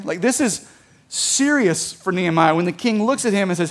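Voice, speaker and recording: A man with a high voice preaching a sermon in a relaxed, conversational way. He reads passages aloud and then unpacks them plainly, often pausing to ask his listeners "right?" or "okay?". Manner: conversational preaching with frequent rhetorical "right?" checks; reads scripture aloud, then explains it casually. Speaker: pastor.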